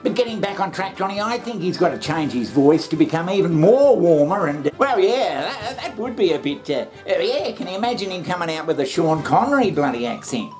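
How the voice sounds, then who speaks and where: A woman's voice: lowish voice, big pitch swings, brisk, hardly any pauses, music in the background. Sarcastic swearing woman comedy host. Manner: sarcastic, swearing, laughs often. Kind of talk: satirical comedy monologue.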